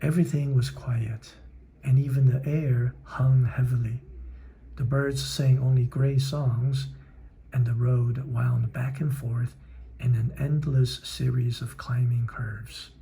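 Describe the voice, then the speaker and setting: A man's voice: mid-range voice, fairly even intonation, creaky, dark tone. A man reading a children's book aloud and stopping to explain words, sometimes dropping to a whisper. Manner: reads slowly, stops to explain words in another language; drops to a whisper at times. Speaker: reader and teacher.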